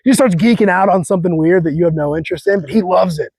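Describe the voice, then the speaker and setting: A man's voice: sits high, fast, a little mellow, husky, no room sound. Earnest fired-up young man, dry sound. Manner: earnest, fired-up, slangy, repeats phrases. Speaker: host. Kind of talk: casual faith talk to viewers.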